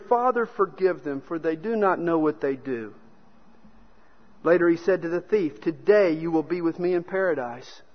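A man preaching a sermon, telling stories and acting out the quoted speakers. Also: fairly high pitch. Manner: storytelling preacher who acts out quotes. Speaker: pastor. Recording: dull sound with long hall reverb.

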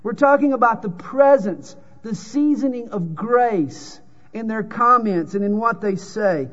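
A man's voice: sits high, lively intonation, a little slow, a bit bright. A man with a Southern US drawl preaching a sermon, telling folksy jokes and reading scripture. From American South. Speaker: pastor. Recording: dull lo-fi sound with long hall reverb.

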